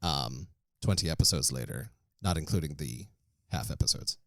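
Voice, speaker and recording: A man hosting a podcast conversation, relaxed and keeping the talk moving. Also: extremely low pitch, normal speed, no echo, clean studio sound. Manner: relaxed, moves the conversation along. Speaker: podcast host. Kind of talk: casual chat.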